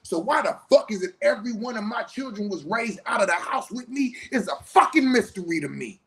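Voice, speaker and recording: A middle-aged man in an emotional confessional monologue, blunt and full of swearing, swinging from loud outbursts to low muttering. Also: animated, brisk. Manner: profane, heated and blunt. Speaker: host.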